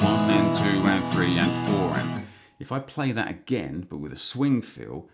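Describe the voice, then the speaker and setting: A man teaching guitar strumming patterns, relaxed and counting beats aloud as he plays. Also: low voice, moderate pace. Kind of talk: instructional guitar lesson. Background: acoustic guitar strumming.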